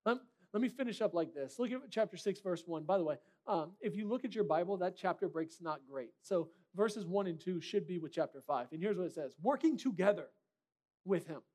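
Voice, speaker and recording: High-voiced man preaching a sermon. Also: brisk, hardly any pauses, darkish tone. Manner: direct, conversational preaching with rhetorical questions. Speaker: pastor.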